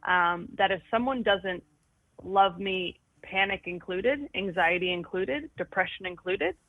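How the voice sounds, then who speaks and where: A woman's voice: medium pitch, a little slow, dry recording. A woman talking frankly and with self-mocking humour as a guest, often restarting her sentences. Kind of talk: candid conversation about anxiety. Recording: tinny phone-like line, dry.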